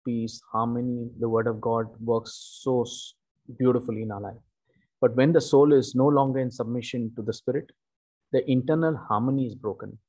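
Male preacher, husky warm tone, deliberate emphatic sermon delivery. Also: medium pitch, fairly even intonation. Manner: slow, emphatic teaching with repeated "okay" and "you know".

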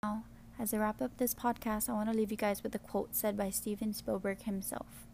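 A woman's voice: mid-range voice, level tone, fairly quick, vocal fry, darkish tone, a little hiss or hum. A young woman hosting a podcast, reading a friendly, informative script. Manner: read-aloud, friendly, informative. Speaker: podcast host.

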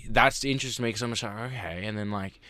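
A man's voice: fairly low pitch, racing, bright, forceful tone, dry recording, clean studio sound. A man who raps, telling rambling, profane stories in casual podcast chat and acting out what people said. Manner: profane, rambling storyteller who acts out quotes. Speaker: rapper guest.

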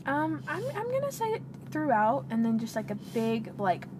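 With a slightly high voice at normal speed, this young woman co-hosts a podcast, telling stories playfully and laughing in an animated, casual chat. Background noise is audible in the recording.

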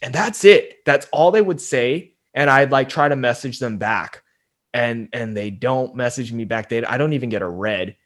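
A young man in casual podcast talk, rambling and frank. His voice sits at an ordinary middle pitch, and he keeps circling back with fillers. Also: moderate pace. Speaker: podcast host, guest.

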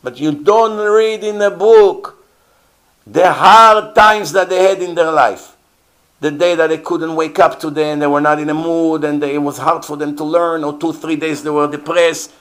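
A man's voice: a little high, steady tone, normal speed, a bit bright. A man teaching as a rabbi in an earnest, emphatic sermon, often repeating rhetorical questions.

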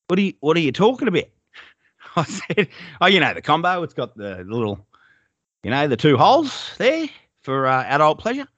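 A man's voice: on the high side, a bit bright, no room sound, muffled recording. An Australian man in casual podcast chat who swears freely and tells rambling stories. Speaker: podcast co-host.

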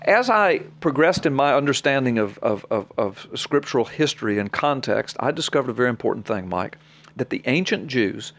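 A man's voice: medium pitch, animated, moderate pace, a bit bright. A man, a preacher on a podcast, reading scripture aloud and explaining it plainly to his co-host in an earnest, personal way. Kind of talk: podcast Bible teaching.

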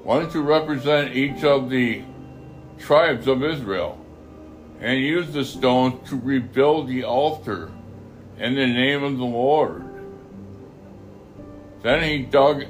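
A man reading a Bible passage aloud, halting often to repeat and correct his phrases. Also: medium pitch, soft background music. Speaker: scripture reader.

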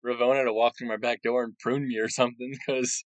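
A man's voice: mid-range voice, flat delivery, quick pace, no echo, rough recording. A man co-hosting a casual podcast chat in a wry, sarcastic way. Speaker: podcast co-host.

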